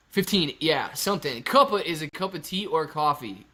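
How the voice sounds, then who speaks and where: Young guy streaming, bright voice kinda high, joking around reading chat. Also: fairly quick, hardly any pauses. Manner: joking, reads viewer chat aloud. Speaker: livestream host. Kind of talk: casual live stream chat.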